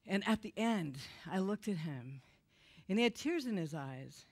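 Woman preacher, middle-aged, confessional, emotional, animated storytelling, church testimony. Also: medium pitch, measured pace. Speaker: guest speaker. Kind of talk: testimony sermon.

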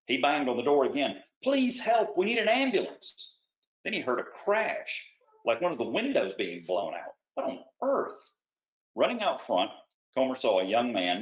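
A man narrating a nonfiction audiobook in a steady storytelling read, with a few small stumbles and restarts. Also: lowish voice. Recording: roomy, dull lo-fi recording.

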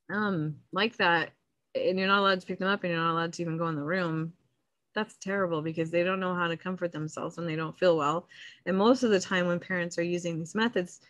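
A woman in her thirties hosting a parenting podcast, talking earnestly and casually, with soft laughs and quick acted-out bits of parents' voices. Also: on the low side. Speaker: podcast host, sleep consultant. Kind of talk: casual solo podcast talk.

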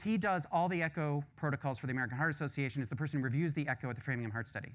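A man, a full professor, closing a lecture with candid, animated stories and casual asides. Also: a little high, racing, hardly any pauses. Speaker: visiting professor giving a lecture.

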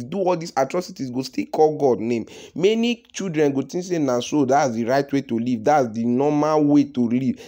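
A man with a Nigerian accent giving animated celebrity gossip commentary, repeating himself and calling out to his viewers. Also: mid-range voice. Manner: animated, repetitive, addresses viewers as "my country people".

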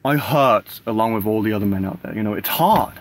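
A man's voice: on the low side, brisk. A man in his thirties talking casually to camera, rambling with constant "like" and "right?" fillers and the odd swear word. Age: 30s. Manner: swears casually, laughs between thoughts. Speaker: vlogger.

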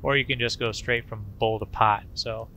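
A man's voice: medium pitch, steady tone, normal speed, gravelly, bright, forceful tone, a little hiss or hum. A man casually commenting on his gameplay, rambling in a folksy way with fillers and little sound effects. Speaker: gaming channel host. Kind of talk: casual let's-play commentary.

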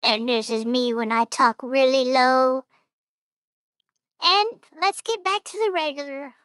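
A man speaking through an AI voice changer that turns him into a small high-voiced girl companion, talking casually. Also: unhurried, sharp tone, clear, resonant tone, no room sound, clean studio sound, exaggerated voice. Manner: casual demo talk.

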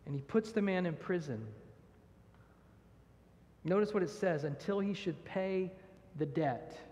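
A man's voice: high-pitched, a little slow, mellow. A man preaching a verse-by-verse sermon as pastor, earnest, asking rhetorical questions and reading scripture aloud. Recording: long church reverb.

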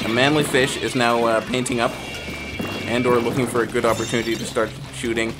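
A man casually hosting a game stream, reading chat aloud, trailing off and restarting, with bursts of excited play-by-play. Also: mid-range voice. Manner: excited play-by-play shouting during action. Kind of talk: casual live-stream commentary.

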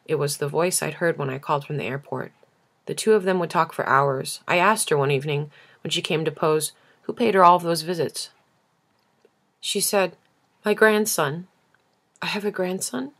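Low gravelly woman reading a novel. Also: normal speed, a bit bright. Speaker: audiobook reader.

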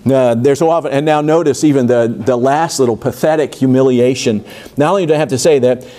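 A man's voice: medium pitch, fairly quick, mellow. Rambling man teaching a Bible study. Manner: digressive, many fillers and asides, rises for emphasis when reading. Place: church.

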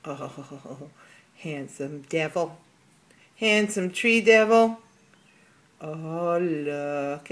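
A woman's voice: sits low, animated, very slow, long pauses. A woman filming her pet squirrel, talking to it in playful scolding baby talk. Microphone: handheld camera.

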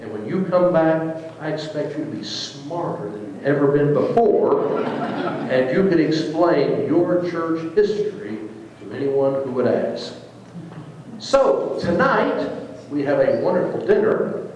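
A man, a pastor, leading a church trip meeting in an informal, joking, animated way. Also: on the high side, unhurried, a little hiss or hum. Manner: lively, joking, animated teacher. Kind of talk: informal talk to a church group. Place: church fellowship hall. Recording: echoey hall, speaker far from mic.

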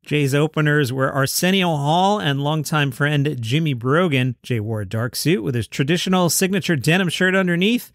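A man's voice: a little high, a little fast, hardly any pauses, dry recording, studio quality. A man from New York City hosting a daily comedy news podcast, reading items with wry, sarcastic asides.

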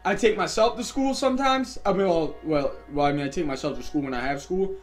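A young man casually telling a rambling, animated story while playing a video game, getting loud and excited at times. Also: sits high, a little fast. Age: young adult. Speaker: gaming YouTuber. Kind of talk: casual storytime over gameplay. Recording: faint background music.

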